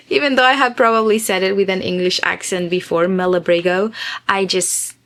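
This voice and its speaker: A woman's voice: medium pitch, expressive, normal speed, a bit bright. A woman from Spain with a Spanish accent, chatting casually as a crochet vlogger and thinking aloud as she works. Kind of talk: casual chat while crafting.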